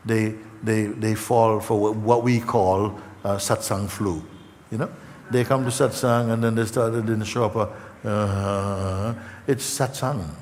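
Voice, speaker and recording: Halting man speaking in a reverberant hall. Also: fairly low pitch, slight background noise. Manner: gentle, halting, many fillers and repeats. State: emotional. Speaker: spiritual teacher. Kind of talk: spiritual talk to an audience. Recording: hall reverb, faint ambience.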